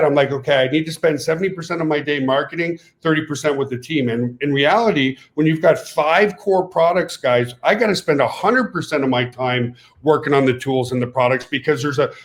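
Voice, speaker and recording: A middle-aged French Canadian man, a native French speaker, runs a video call as company CEO. His sales pitch rambles and is animated, often breaking into laughter.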